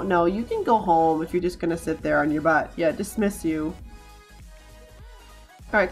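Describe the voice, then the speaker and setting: A woman's voice: lowish voice, moderate pace, long pauses, soft background music. A woman streaming a life-simulation game, chatting and bossing her characters around with lots of laughs and stumbling repeats. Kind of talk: live gameplay commentary.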